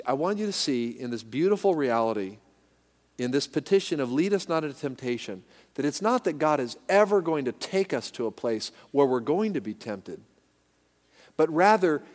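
A pastor with a mid-range, slightly mellow voice preaches an emphatic sermon, leading his congregation in call-and-response as they repeat lines back. Echoey hall reverb fills the recording.

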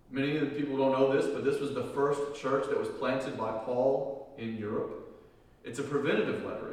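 A male pastor giving a sermon, reading scripture slowly and with emphasis, then explaining it in relaxed, conversational asides. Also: medium pitch. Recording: echoey hall, picked up from a distance.

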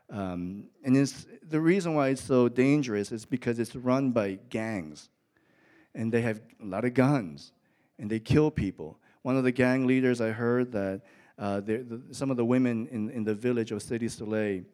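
A man's voice: mid-range voice, mellow. A middle-aged man preaching a sermon in church, telling a story that rises to emphatic peaks. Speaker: pastor. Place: church with an audience.

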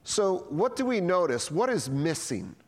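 A man's voice: high-pitched, measured pace, in a large hall. A man preaching a sermon, telling stories with lots of energy and acting out the dialogue himself. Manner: animated storytelling, acting out dialogue. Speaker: pastor.

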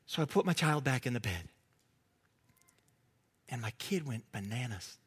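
A man preaching a sermon as pastor, earnest, at times dropping to a soft hush. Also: medium pitch, lively intonation, unhurried, breathy edge.

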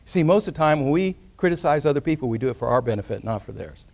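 A man preaching a sermon, telling a story and swinging between loud emphatic rises and quiet hushed moments. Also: mid-range voice, animated, quick pace, gravelly. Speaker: pastor.

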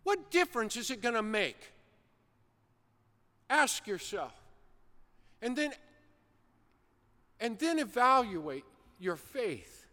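A man preaching a sermon, telling an animated story with acted-out shouts. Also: very high-pitched, takes it slowly, long pauses. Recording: long hall reverb.

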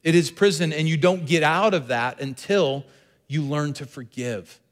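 Brief: male pastor, somewhat high voice, earnest sermon delivery, repeats lines for emphasis, big hall reverb. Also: fairly even intonation, unhurried.

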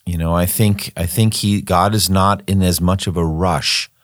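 A man's voice: low voice, steady tone, moderate pace, no echo, clean studio sound. An older man, a former missionary, talking through a Bible study in a thoughtful, rambling way, often repeating words as he thinks. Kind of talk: conversational Bible study discussion.

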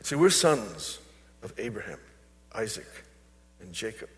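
A man's voice: fairly low pitch, sing-song, measured pace. An older man, a pastor, preaching a sermon and telling personal stories to his congregation. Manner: storytelling, personal anecdotes. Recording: long reverb of a large hall.

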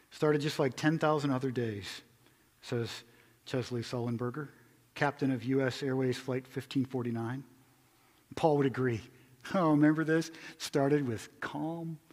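A male pastor preaching a conversational sermon, moving between loud emphatic stretches and hushed quiet ones. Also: mid-range voice, long reverb tail.

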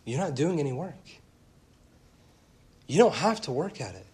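A pastor in his thirties delivers an animated sermon in church, speeding up and slowing down and building to loud, emphatic peaks. His voice sits a little high and sounds slightly rough.

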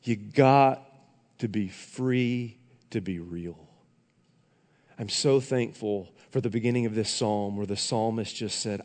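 A man's voice: on the low side, slow, darkish tone. Earnest preaching man, long hall reverb. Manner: earnest, emphatic preaching that addresses the congregation directly. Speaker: pastor. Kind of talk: sermon.

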